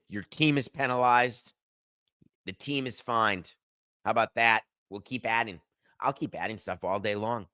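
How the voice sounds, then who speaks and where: A man's voice: mid-range voice, sharp tone, no echo, clean studio sound. A middle-aged man hosting a sports podcast, delivering an emphatic, sardonic opinion monologue and arguing with himself. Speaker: podcast host.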